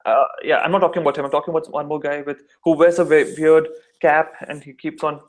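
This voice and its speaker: A man's voice: fairly high pitch, flat delivery, fast talker. A young man from India with an Indian accent, chatting animatedly in a casual discussion and slipping into mock voices to make his points. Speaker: discussion participant. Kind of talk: casual chat.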